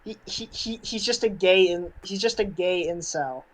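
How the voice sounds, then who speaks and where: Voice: mid-range voice, normal speed, slight background noise. A co-host in a casual group riff chat, rambling with stumbles and restarts and laughing between lines. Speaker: co-host riffing on a show.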